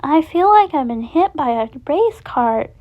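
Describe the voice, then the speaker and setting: A woman's voice: high voice, expressive, measured pace, pitched above the performer's own voice. A woman voicing a sweet, chirpy female animatronic chicken in a storybook reading. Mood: groggy. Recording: dull lo-fi recording.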